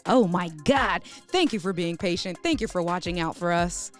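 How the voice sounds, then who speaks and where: A woman's voice: on the low side, normal speed, soft background music. Chatty New woman hosting a stream. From New York. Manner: lively, chatty, addresses viewers as y'all. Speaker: host. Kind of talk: casual live stream chat.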